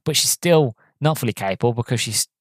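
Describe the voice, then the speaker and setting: A man's voice: medium pitch, lively intonation, brisk, no room sound. A man hosting a podcast, reviewing a film in casual chat, rambling with many fillers and restarts. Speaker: podcast host.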